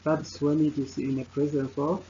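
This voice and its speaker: A man narrating a slide lecture, pausing often with filler sounds. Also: on the high side, flat delivery, warm tone. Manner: halting, frequent uh fillers. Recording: dull lo-fi sound with faint noise.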